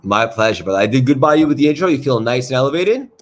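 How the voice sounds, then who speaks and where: A man's voice: mid-range voice, sing-song, quick pace. A man with a New York accent hosting a live podcast, introducing his guest with effusive hype. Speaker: podcast host.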